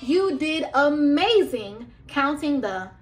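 A woman's voice: sits high, very animated, crowd noise, background noise. A woman teaching young children, drawing out her words and prompting them to repeat and answer. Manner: slow, drawn-out teacher talk with prompts for kids. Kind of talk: children's lesson.

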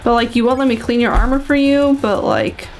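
High-voiced chatty young woman gamer. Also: a little fast, soft background music. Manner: chatty, exclamatory, many "like"s. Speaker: gaming video host. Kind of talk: let's play commentary.

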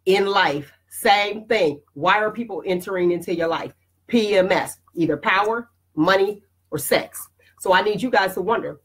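A woman with a slightly husky, breathy voice delivers a motivational talk as the host of her own show. She speaks bluntly and emphatically, preaching straight at the viewers. Her pitch sits in an ordinary middle range. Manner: addresses viewers directly.

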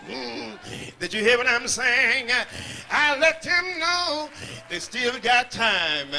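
A man's voice: very high-pitched, very animated, takes it slowly, pushed and bright. A male pastor preaching in a chanted, whooping style, crying out and dotting his phrases with "uh.". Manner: chanted, cries out, punctuated with "uh". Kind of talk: whooping sermon.

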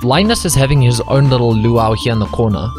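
A man's voice: mid-range voice, expressive, fairly quick. A man hosting a casual co-op video game session, making wry, joking remarks. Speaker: let's-play host. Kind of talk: casual gaming chat. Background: game music.

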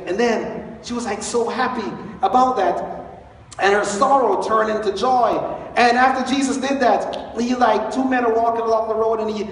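A man preaching a sermon as pastor, telling the story in an animated, chatty way and chuckling often. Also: sits high, normal speed. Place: church sanctuary. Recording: echoey hall, far from the mic.

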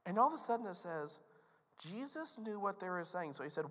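A man's voice: high voice, a little fast. A male pastor preaching a sermon in a casual, joking, storytelling manner. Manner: conversational, joking, animated storytelling. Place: church sanctuary. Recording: long reverb of a large hall.

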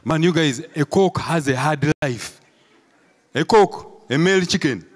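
A man with a Ugandan English accent doing a stand-up comedy set, telling animated stories and asking the crowd "eh?". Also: fairly high pitch, unhurried. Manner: animated storytelling, acts out crowd voices, peppered with "eh?". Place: live comedy show before an audience.

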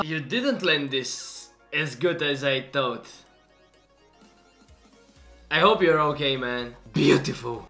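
A man, hosting and commenting on clips in a reaction video, excitable and quick to exclaim and laugh. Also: fairly high pitch, soft background music. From Bulgaria. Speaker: host.

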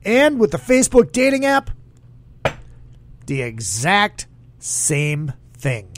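A man's voice: sits high, huge pitch swings, takes it slowly, slight background noise. A man hosting a casual solo podcast, rambling in a crude, jokey way and reading listener comments aloud. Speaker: podcast host.

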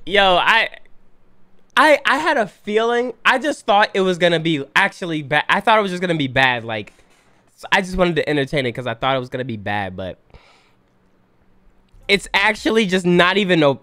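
A man's voice: high voice, animated, normal speed, pushed and bright, dry recording. A man doing casual reaction commentary, incredulous and stumbling over his restarts. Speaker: reaction streamer.

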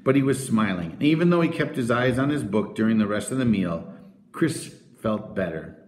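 A man narrates a children's novel with expressive storytelling. His pitch is lively and varied, and the recording has a noticeable roomy echo. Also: moderate pace. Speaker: audiobook narrator.

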